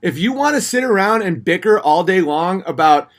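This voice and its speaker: A fairly high-pitched man hosts a loose livestream, reading out viewer messages. He answers them sardonically and keeps shifting between jokey put-on voices and low, grumbling asides. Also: expressive, moderate pace. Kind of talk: casual livestream chat.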